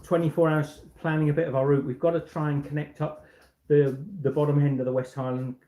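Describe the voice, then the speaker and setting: A man's voice: on the high side, little pitch movement, fairly quick, warm tone, echoey room, low-quality recording. A man hosting a casual livestream from a home, rambling and chatty, restarting and repeating words as he goes. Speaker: walking-trip vlogger and livestream host. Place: indoors in a home.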